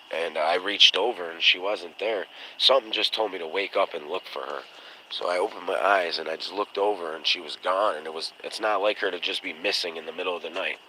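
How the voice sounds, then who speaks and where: A man with a deep but bright, forceful voice hosts a casual livestream, talking bluntly and cursing freely. He tells long stories and puts on the voices of the people in them. A faint background ambience sits under his voice. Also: slight background noise, poor audio. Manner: blunt, profane storytelling; acts out quoted voices. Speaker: podcast host.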